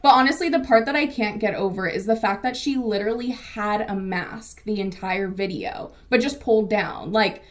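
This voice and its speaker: A woman's voice: mid-range voice, normal speed, hardly any pauses. A young woman from the San Diego area co-hosting a casual weekly recap, chatty and laughing often. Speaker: co-host. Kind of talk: casual news recap chat.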